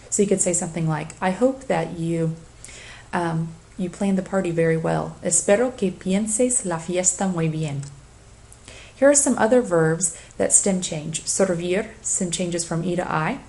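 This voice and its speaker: A woman teacher giving a recorded lecture for a flipped class, slowly reading lists of verb forms and giving assignments. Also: lowish voice, a little mellow. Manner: deliberate, reads conjugations aloud in lists. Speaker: Spanish teacher.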